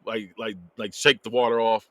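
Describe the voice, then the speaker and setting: A man's voice: on the low side, flat delivery, moderate pace, pushed and bright, no room sound. A man casually recapping a movie plot on a podcast, acting out the characters' lines and laughing along. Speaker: podcast host. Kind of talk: casual movie review chat.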